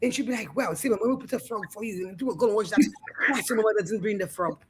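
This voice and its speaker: A middle-aged woman co-hosting a casual talk show, telling animated family stories and acting out the voices. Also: medium pitch, fast talker, crowd noise, poor audio. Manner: animated storyteller, acts out quotes. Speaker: co-host. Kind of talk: casual storytelling chat. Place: studio.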